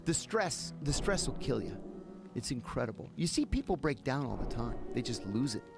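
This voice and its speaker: Creaky and mid-range, this man's voice moves at normal speed while he tells a story on a podcast as a guest. His casual telling is animated, with the dialogue acted out over background music.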